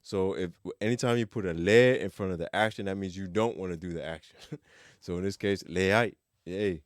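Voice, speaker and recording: A man gives a casual language lesson in a relaxed, joking way, saying each phrase slowly and more than once. His voice sits a little low and sounds smooth and clear. The recording is dry and close, with no room sound. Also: no room sound. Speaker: language teacher.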